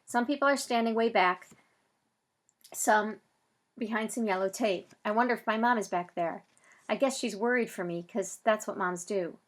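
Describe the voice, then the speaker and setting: A woman narrating a first-person audiobook, reading the story and voicing its characters, with loud bursts for shouted lines. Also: mid-range voice, normal speed.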